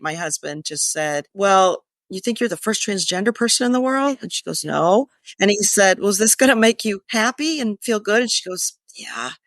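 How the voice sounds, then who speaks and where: A woman's voice: fairly low pitch, no echo, studio quality. A woman in her fifties, a podcast guest telling a personal story candidly and acting out remembered dialogue. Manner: candid, acts out remembered dialogue with lively shifts.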